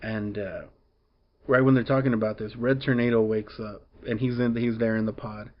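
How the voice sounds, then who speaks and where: A man's voice: lowish voice, little pitch movement, moderate pace, muffled recording. A man casually recapping a comic book story, rambling along with lots of fillers and restarts.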